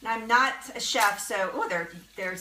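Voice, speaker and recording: With a pushed, bright, fairly high voice at a moderate pace, a woman hosts a live cooking show at her kitchen stove. She chats in a bubbly manner and laughs often with viewers, while a frying pan sizzles and a little hiss or hum sits on the recording.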